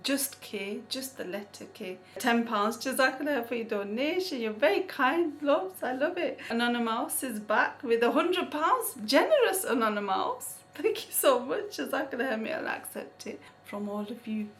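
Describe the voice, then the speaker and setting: A woman's voice: a little high, animated, moderate pace, few pauses, fairly bright tone. A woman vlogger chatting casually, thanking donors one by one with frequent Islamic blessings and light laughs. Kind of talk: casual chat.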